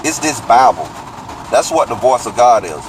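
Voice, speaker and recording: A man casually teaching from the Bible, breaking down the meaning of words and rereading verses slowly. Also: medium pitch, lively intonation, slight background noise, poor audio.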